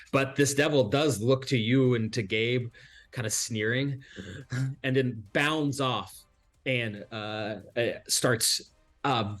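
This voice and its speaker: A man narrating a tabletop game as game master, pausing often and filling gaps with hesitations. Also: fairly low pitch, a bit bright. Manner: halting, many fillers.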